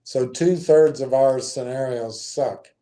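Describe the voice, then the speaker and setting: A man's voice: medium pitch, slow pace, mellow. A man hosting a casual stream about investing. He reads out an analysis and thinks aloud, with frequent ums and self-corrections. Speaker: stream host.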